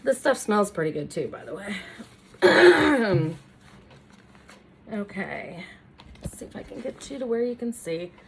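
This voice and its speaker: A woman's voice: medium pitch, big pitch swings, slow pace, long pauses. Chatty woman narrating a DIY makeover. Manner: chatty, self-deprecating, talks while working. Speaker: furniture makeover creator. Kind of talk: casual DIY tutorial chat. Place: home workroom, indoors.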